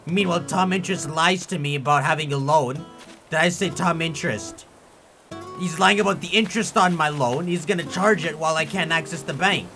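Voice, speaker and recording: A young man giving casual gameplay commentary, ranting in an animated, theatrically angry way. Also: a little high, a little fast. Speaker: gaming YouTuber. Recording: faint music behind.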